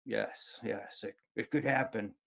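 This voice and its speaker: Man doing a deep-voiced father, low and slow, gloomy, deadpan, dull lo-fi sound. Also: gravelly, full character voice. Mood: grave deadpan. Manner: slow, grave, deadpan warnings.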